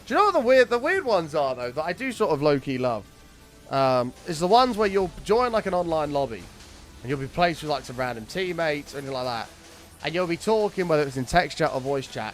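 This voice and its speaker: Young man, game streamer, casual storytelling, swears a lot, fairly high voice, faint music underneath. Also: fairly bright tone. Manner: chatty storytelling, sweary, quick to greet viewers. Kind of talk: casual chat with live chat while gaming.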